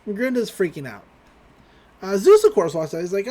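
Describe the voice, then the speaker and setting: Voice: mid-range voice, brisk. A podcast host casually recapping a cartoon episode, laughing often and adding wry asides about the plot. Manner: animated, laughs often, acts out characters' lines.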